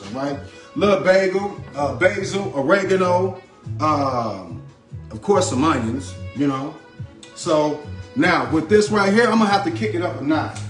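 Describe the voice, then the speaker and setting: A man cooks and chats to viewers on a live stream in his home kitchen, loose and talkative. His voice sits a little high, and the room rings with echo. Faint music plays underneath. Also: a bit bright. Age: adult. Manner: loose and chatty, repeats a catchphrase, greets commenters. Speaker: home cooking host. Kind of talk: casual live cooking stream, chatting to viewers.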